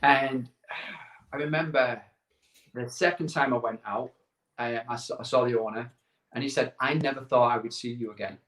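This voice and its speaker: Middle-aged man guest, lively storyteller, voices the quotes, mid-pitched, roomy echo. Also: moderate pace. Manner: animated anecdotes with quoted dialogue, repeats words. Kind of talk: casual storytelling interview. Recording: echoey room.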